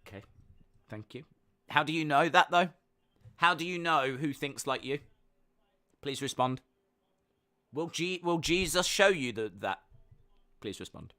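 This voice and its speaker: A man's voice: on the high side, animated, measured pace, pauses often, pushed and bright. A man hosting a fight-night watch-along stream, chatting casually, reading chat messages and making jokey asides.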